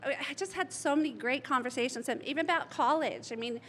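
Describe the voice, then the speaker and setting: Middle-aged woman, high voice, tearful rambling eulogy at a stand mic. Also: fast talker, fairly bright tone, a little hiss or hum. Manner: emotional, laughing through tears, rambling anecdotes. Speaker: eulogy speaker, friend's mother. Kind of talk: memorial speech. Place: memorial gathering hall.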